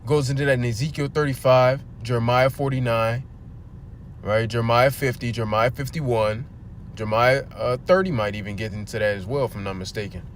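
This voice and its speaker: This man preaches fairly quickly in a mid-range voice with fairly even intonation, livestreaming near a street with a little hiss or hum. He reads scripture aloud, asks his audience rhetorical questions, and uses blunt profanity to press his points.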